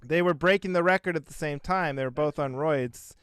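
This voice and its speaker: Man, 30s, podcast guest comedian, animated storyteller, fairly high, smooth clear voice. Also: fairly quick, no echo, studio quality. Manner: animated, storytelling with acted quotes. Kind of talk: casual podcast chat.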